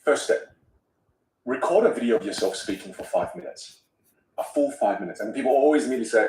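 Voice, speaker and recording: Animated man coaching speech, roomy distant sound. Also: medium pitch, fast talker. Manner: animated, acts out example voices. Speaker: vocal coach. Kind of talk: podcast conversation.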